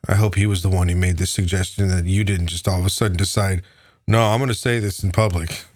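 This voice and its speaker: A man's voice: low-pitched, steady tone, fast talker, a little mellow, dry recording, studio quality. A man delivering an angry, profane political rant, heated and sneering. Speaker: political commentator.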